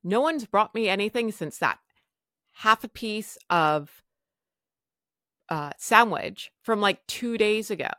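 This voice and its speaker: A woman's voice: medium pitch, expressive, slow pace, long pauses, fairly bright tone, no room sound, clean studio sound. A woman hosting a podcast, telling a personal story frankly with wry humor and casual swearing. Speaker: podcast host.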